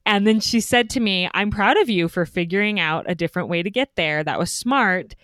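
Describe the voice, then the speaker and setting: A woman's voice: medium pitch, animated, a little fast, fairly bright tone, no room sound, clean studio sound. A woman hosting a casual podcast, telling a childhood story with frequent laughter. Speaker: podcast host.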